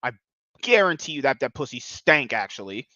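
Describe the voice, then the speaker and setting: Animated, bright-voiced male podcast host. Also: mid-range voice, normal speed, dry recording, muffled recording. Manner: rambling, provocative, laughs a lot. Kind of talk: casual podcast chat.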